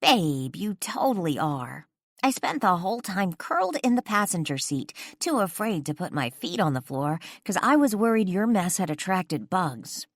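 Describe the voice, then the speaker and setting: A woman voicing a teasing, bubbly young female best friend in a lively way. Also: lowish voice, moderate pace, dry recording, studio quality, voice pushed up.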